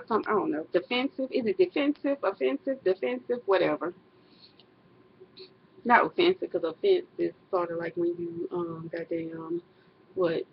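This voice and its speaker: A woman's voice: on the low side, vocal fry, slightly rough. A middle-aged woman, talking casually to camera in a personal vlog, rambling and correcting herself. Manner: rambling, self-correcting, laughs often. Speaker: vlogger. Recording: dull lo-fi webcam audio.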